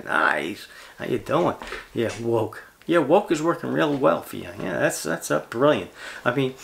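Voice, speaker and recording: A man's voice: medium pitch, creaky, fairly bright tone. A man hosting a fishing channel, ranting on camera in a blunt, sarcastic, profane way. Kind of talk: ranting vlog monologue.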